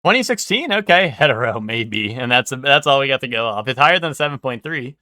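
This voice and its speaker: A man's voice: medium pitch, expressive, fairly quick, pushed and bright, no room sound, studio quality. A young man streaming live, thinking aloud and guessing in casual, swearing chatter.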